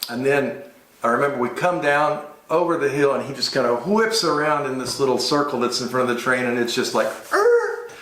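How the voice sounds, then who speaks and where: A man recounting a wild cab ride abroad as an expat, telling it with animated energy and vivid sound effects. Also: mid-range voice, brisk. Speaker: expat storyteller. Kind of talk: casual travel storytelling. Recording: roomy echoey room.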